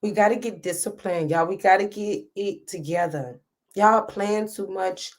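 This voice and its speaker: A woman's voice: medium pitch, a little slow. A woman, hosting a live stream and talking to her viewers in an impassioned, preachy way, close to tears. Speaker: host reading live comments. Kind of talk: emotional live-stream commentary.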